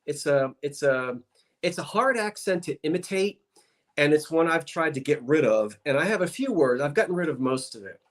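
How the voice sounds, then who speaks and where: This man from South Jersey, USA, has a Delaware Valley accent and a fairly high voice with lively intonation at normal speed. He's a guest on a video call livestream, chatting casually and rambling.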